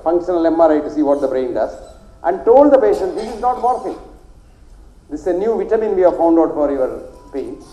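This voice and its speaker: A man's voice: on the high side, warm tone. An older man with a South Indian accent, a doctor giving a rambling, emphatic lecture that repeats phrases for stress. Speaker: doctor giving a health talk. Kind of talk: lecture to an audience. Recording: echoey hall.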